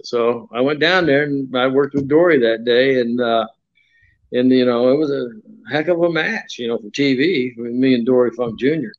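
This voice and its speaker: Older man, mid-pitched, folksy rambling storyteller, slightly muffled interview audio. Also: moderate pace. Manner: folksy, acts out quoted voices, many fillers. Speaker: retired pro wrestler, interview guest.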